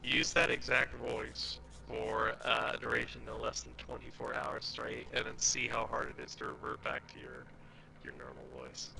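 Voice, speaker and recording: A man's voice: a bass voice, moderate pace, creaky, bright, forceful tone, a little hiss or hum, rough recording. A man joking with friends in loose banter, laughing and throwing mocking jabs. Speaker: friend in group chat. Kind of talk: casual banter.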